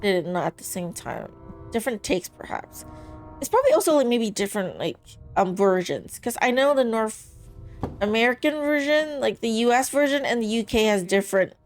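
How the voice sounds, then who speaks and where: A woman's voice: on the high side, sing-song, moderate pace, soft background music. A woman giving casual let's-play commentary, chatty and rambling, often trailing off mid-thought. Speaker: gamer streaming a playthrough.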